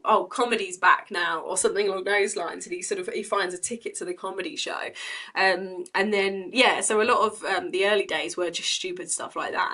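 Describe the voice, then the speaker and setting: A woman's voice: lowish voice, fairly bright tone. A woman, a comedy promoter, chatting casually in an interview with frequent laughs and ums. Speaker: comedy club co-founder and promoter.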